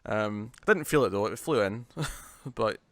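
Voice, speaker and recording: A British man chats about comics on a podcast. His delivery is loose and animated, full of restarts and quick retellings. The recording is close and dry, with no room sound. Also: fairly low pitch, dry recording. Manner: chatty, lively retelling with laughs and restarts. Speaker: podcast co-host. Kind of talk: casual comic review chat.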